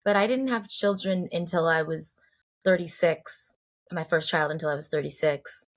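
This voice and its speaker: Woman, 40s, from Boston area, interview guest, earnest, reflective, lowish voice. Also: normal speed. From Cambridge, Boston area. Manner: earnest, reflective, many fillers and restarts. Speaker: guest singer-songwriter. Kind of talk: heartfelt conversational interview.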